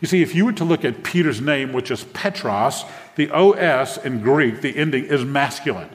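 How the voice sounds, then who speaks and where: A man's voice: mid-range voice, expressive, moderate pace. A man, a pastor preaching a sermon to a congregation, engaging them with questions. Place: church sanctuary with a congregation. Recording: long hall reverb from a church.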